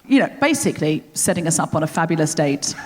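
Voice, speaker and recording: Woman comedy host, live onstage, expressive and bouncy, long hall reverb. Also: low-pitched, fast talker. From Australia. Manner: animated, self-deprecating, laughing often. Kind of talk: live stand-up style chat. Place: large theatre stage. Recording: reverberant theatre, faint audience noise. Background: audience laughter.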